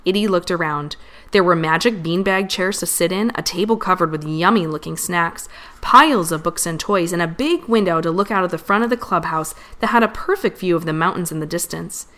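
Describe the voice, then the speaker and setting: A woman reading a children's storybook aloud in an expressive, animated way. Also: fairly low pitch, fairly quick.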